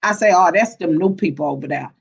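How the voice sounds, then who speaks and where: A woman's voice: fairly low pitch, fast, vocal fry, breathy edge, rough recording. A woman hosting a casual livestream, laughing often as she greets viewers by name and reads their comments. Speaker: livestream host.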